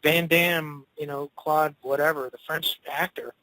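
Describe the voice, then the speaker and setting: A man telling a rambling, animated story in a casual interview, swearing freely along the way. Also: on the high side, measured pace, no echo, rough recording. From Cleveland. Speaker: interviewed musician.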